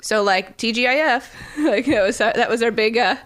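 A woman's voice: a little high, moderate pace, fairly bright tone, slight background noise. A mother and runner, a guest on a podcast, talking candidly and laughing at herself. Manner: candid, self-mocking, laughs easily. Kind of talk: casual chat.

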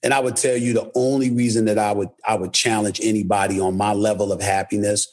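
A man from New York City talks bluntly in a low, husky voice, doubling back on his words for emphasis. His speech leans hard on each point, candid and personal. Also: flat delivery, fast, darkish tone. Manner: emphatic, repeats himself, blunt. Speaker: guest. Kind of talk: candid interview talk.

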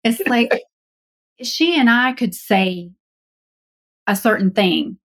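A woman co-hosting a podcast, telling stories in a lively, chatty way. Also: fairly high pitch, slow. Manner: animated, chatty storyteller. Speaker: podcast co-host. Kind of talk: casual podcast chat.

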